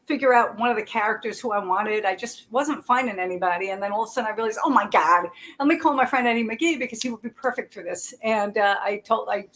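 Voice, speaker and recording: A woman's voice: medium pitch, fast, hardly any pauses, a bit bright, slight background noise. A woman filmmaker chatting casually on a group call, talking in long runs with laughs and restarts. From Florida. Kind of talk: casual group video chat.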